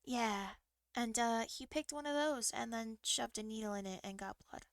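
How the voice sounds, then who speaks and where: A young woman streamer telling a long story in a rambling, halting way, often restarting her sentences. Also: fairly high pitch, no room sound. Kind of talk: casual storytelling to a live stream.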